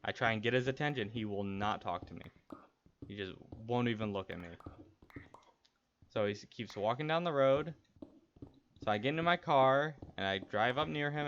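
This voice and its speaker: The recording is dull lo-fi stream audio with faint noise, and the speaker is a young man gaming while casually recounting a personal story. He rambles, speaks candidly, and restarts a lot, in a lowish voice that's a bit bright.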